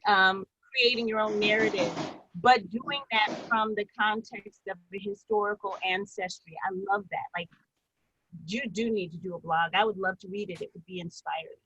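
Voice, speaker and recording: A woman's voice: mid-range voice, fairly even intonation, moderate pace, highs cut off, background noise. A woman in a writing workshop on a video call, talking enthusiastically and rambling with restarts. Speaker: workshop participant, doctoral student.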